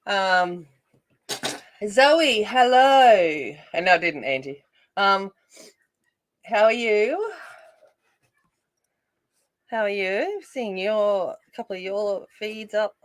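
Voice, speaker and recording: A woman's voice: medium pitch, expressive, takes it slowly, long pauses. Chatty Australian woman streaming her colouring. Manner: chatty, greets viewers by name, thinks aloud. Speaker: adult colouring livestream host. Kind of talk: casual livestream chat.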